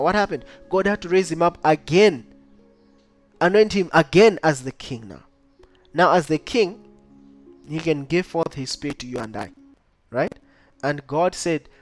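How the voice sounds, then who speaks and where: A man teaching a Bible study lesson, reading verses aloud and keeping up a steady stream of rhetorical questions to his listeners. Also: fairly high pitch. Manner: keeps asking the listener rhetorical questions like "right?" and "what?"; reads scripture aloud in old-style wording.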